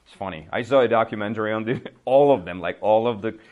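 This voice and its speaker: A man in his thirties with a somewhat low voice runs a relaxed English lesson. He chats his way through everyday phrases, laughs easily, and slips into quick acted-out examples. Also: phone-quality sound. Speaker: English teacher. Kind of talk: casual spoken English lesson.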